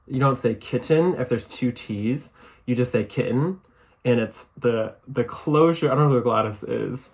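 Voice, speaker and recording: A man's voice: medium pitch, fairly bright tone. Chatty man with a Michigan accent. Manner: rambling, chatty, many fillers and restarts. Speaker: podcast host. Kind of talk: casual solo podcast talk.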